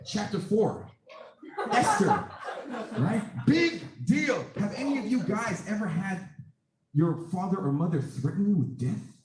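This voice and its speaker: A man delivers an impromptu speech with emphatic rhetorical questions. His pitch swings widely and sits a little high. The room is echoey. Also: very animated, unhurried. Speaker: student speaker.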